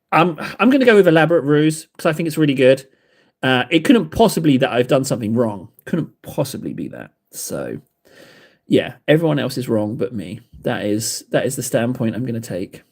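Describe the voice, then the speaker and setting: A man's voice: mid-range voice, sing-song, moderate pace, a little mellow. A man hosting a livestream, chatting while painting miniatures, self-mocking and rambling, a little out of breath. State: slightly out of breath. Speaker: livestream host. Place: hobby desk indoors.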